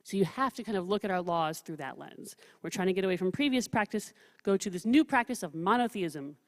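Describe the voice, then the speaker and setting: A woman rabbi teaching a study session in a casual, humorous way, reading scripture quotes with lively emphasis. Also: mid-range voice, brisk. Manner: chatty, humorous, reads quotes with animated emphasis. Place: synagogue hall. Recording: long reverb of a large room.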